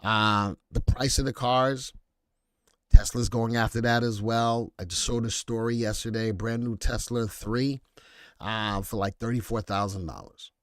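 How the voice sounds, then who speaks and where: A man hosting a live stock market commentary show, animated and joking as he reads viewer comments aloud. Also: mid-range voice, a little slow, clear, resonant tone, dry recording, studio quality.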